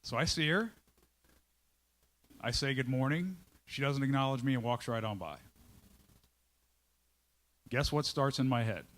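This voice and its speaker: Animated storytelling man. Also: medium pitch, a little slow, pauses often. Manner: animated, acts out his own inner voice; conversational, checks in with listeners. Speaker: CEO giving a talk. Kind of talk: storytelling talk to a live audience.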